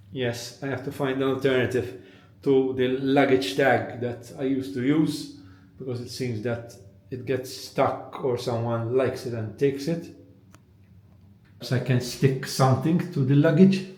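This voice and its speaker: A Maltese-accented man gives a casual vlog tour of a hotel room, talking easily into a handheld camera at a middle pitch. He rambles in a friendly way and pauses on little fillers as he goes. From Malta. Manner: chatty, relaxed, thinks aloud with fillers. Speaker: travel vlogger.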